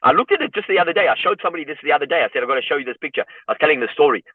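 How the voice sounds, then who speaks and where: A man's voice: fairly high pitch, very fast, husky, dry recording. A man, a guest in an interview who tells personal stories with feeling, leaning on "you know" as he goes. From South Africa. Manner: emotional, animated storyteller leaning on "you know". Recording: dry, tinny phone-like line.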